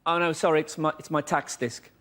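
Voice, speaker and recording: A man's voice: fairly high pitch, level tone, fairly quick. A male comedy panellist telling jokes in a mock-serious manner. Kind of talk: quick one-liner jokes. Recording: noisy, loud audience laughter.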